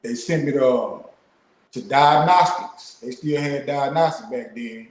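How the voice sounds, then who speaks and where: A middle-aged man, a guest and former prisoner, tells stories in a laid-back, casual way, peppering his speech with "man." His voice is medium-pitched and measured in pace, and the recording has a roomy echo.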